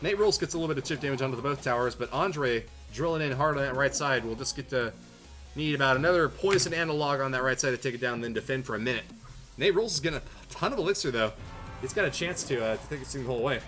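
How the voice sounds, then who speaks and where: A man's voice: mid-range voice, animated, quick pace, music in the background. A man, livestreaming a tournament, reading viewer jokes aloud and casting matches in a playful, self-mocking way. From Canada. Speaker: tournament streamer and caster. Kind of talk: casual livestream chat and game commentary.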